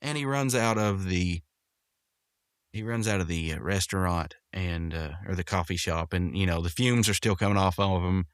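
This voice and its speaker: A man with a fairly low voice hosts a casual podcast, rambling through a cartoon episode recap. He keeps breaking into raised, quick character voices for the quoted lines. The sound is dry and close, with no room around it. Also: clear, resonant tone, dry recording. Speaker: podcast host.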